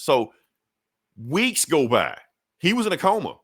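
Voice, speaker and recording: A man's voice: on the high side, huge pitch swings, a little slow, a bit bright, husky, dry recording. A man on a podcast casually retelling a comic book story, acting out the characters' lines with profane, laid-back slang. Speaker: podcast co-host.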